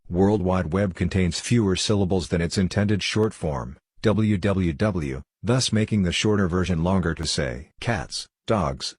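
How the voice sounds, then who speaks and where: A man reading online posts aloud in a steady, matter-of-fact way. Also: deep voice, breathy edge, no room sound, studio quality. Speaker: narrator.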